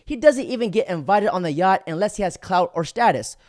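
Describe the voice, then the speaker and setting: A man's voice: sits high, expressive, a little fast, darkish tone, no echo. Man, commentary host, lecturing tone, very dry recording. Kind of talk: commentary narration.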